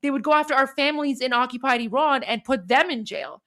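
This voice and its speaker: High-voiced woman, chatty co-host. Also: a bit bright. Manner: quick, apologetic, interrupts herself. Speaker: co-host of a political stream. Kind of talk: casual live commentary.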